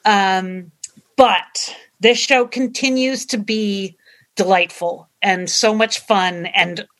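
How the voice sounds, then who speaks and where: A woman co-hosting a casual TV review chat, emphatic and quick to exclaim. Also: mid-range voice, fairly even intonation, a bit bright. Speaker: podcast co-host.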